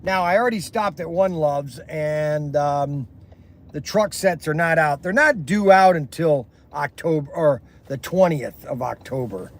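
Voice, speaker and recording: A man's voice: on the high side, measured pace. A man vlogging from inside his car, talking in a chatty, rambling way with folksy exclamations, recorded on a phone camera. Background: faint road and vehicle noise.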